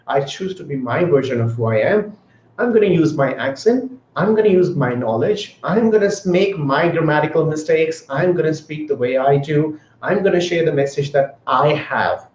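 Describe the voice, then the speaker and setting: Earnest guy on a live stream, kinda high voice, roomy echo, muffled sound, keeps greeting viewers. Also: lively intonation, normal speed. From grew up in another country. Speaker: livestream host. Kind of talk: motivational livestream talk. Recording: echoey room, dull lo-fi sound.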